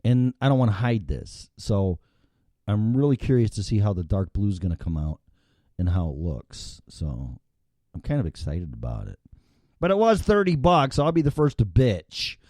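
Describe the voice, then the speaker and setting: A man in his fifties rambles through a casual livestream monologue, swearing freely and thinking out loud. His voice is low and mellow, but it rises and falls a lot, and the sound is dry and close. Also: sing-song, moderate pace, no room sound. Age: 50s. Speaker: show host.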